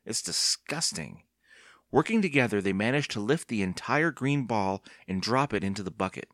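A man narrating a children's horror book as an audiobook reader, steady and expressive. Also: fairly low pitch, brisk, no echo, clean studio sound. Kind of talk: scripted storybook narration.

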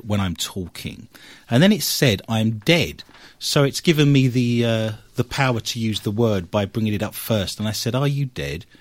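Low-voiced Englishman telling ghost stories. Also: no room sound. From England. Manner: animated storytelling, walks through notes point by point. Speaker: paranormal investigator and radio host. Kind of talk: radio talk recounting an investigation.

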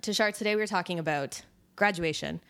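A woman hosts a podcast in a loose, casual chat. She speaks in a slightly low voice, laughs often and tosses in quick asides as she talks. The tone stays relaxed and conversational. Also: vocal fry, clear, resonant tone. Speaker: podcast host.

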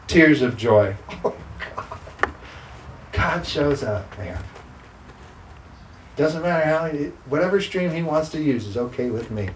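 A man's voice: a little high, lively intonation, slow pace, long pauses, slight background noise. A man preaching a sermon as pastor, emphatic and repeating scripture declarations. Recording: roomy sound with faint ambience.

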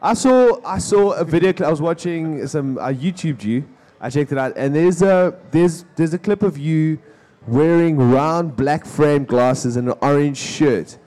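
A man, hosting a podcast and asking his guest quick, eager questions. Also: fairly high pitch, a little mellow. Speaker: podcast host. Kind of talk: casual podcast interview.

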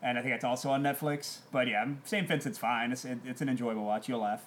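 A man's voice: mid-range voice, steady tone, fast, a little hiss or hum. A man, a podcast guest in casual chat, giving a blunt, opinionated movie review.

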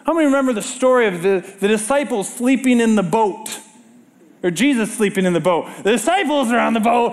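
High-voiced middle-aged man preaching. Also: fairly quick, some chatter behind. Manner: animated storyteller, quizzes the congregation with rhetorical questions. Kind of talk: sermon.

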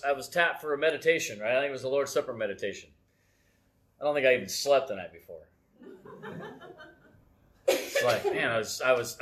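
A middle-aged man speaks from the front of a church in a medium, slightly bright voice. His sermon is casual and self-deprecating, built on personal stories, and he keeps checking in with "right?"

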